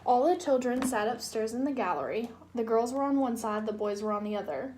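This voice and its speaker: A young woman, a student, narrating a children's storybook read-aloud in a gentle, clear way. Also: on the high side, a little fast, slight background noise. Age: young adult. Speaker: student reader.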